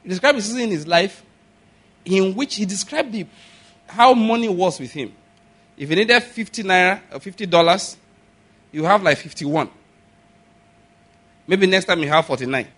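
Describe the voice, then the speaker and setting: A man preaching a sermon, telling stories and acting out the people in them with sudden shouts. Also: high-pitched, lively intonation, moderate pace, long pauses. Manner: storytelling, acts out quoted voices with sudden shouts. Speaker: pastor.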